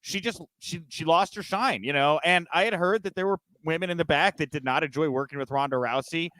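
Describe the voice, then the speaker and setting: A man holds forth on a news podcast in a fairly high voice, fired up and emphatic. The sound is close and dry, with no room around it. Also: fairly quick, no echo. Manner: emphatic, animated ranting. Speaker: podcast co-host. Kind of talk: casual news chat.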